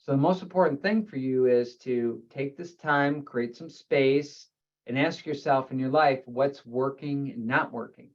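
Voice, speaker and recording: A man who works as a chiropractor, giving a health webinar presentation and explaining terms in steady lists. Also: medium pitch, unhurried, lo-fi sound.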